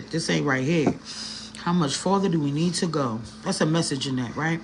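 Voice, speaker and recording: A woman's voice: sits low, normal speed, background noise. A woman telling a personal story in a casual, slangy vlog, talking straight to her viewers with an earnest, emotional edge. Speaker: vlogger.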